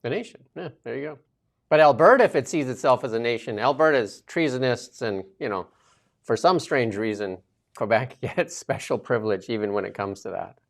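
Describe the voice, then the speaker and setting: A man hosting a political commentary show, emphatic and sarcastic, firing off loud rhetorical questions. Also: medium pitch, normal speed, creaky. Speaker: show host.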